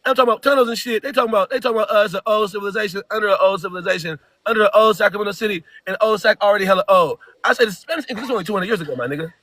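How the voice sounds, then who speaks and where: Fast, high-pitched ranting man. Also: dry recording. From California, US. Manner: loud, rambling, emphatic slang. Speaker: caller. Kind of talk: heated rant.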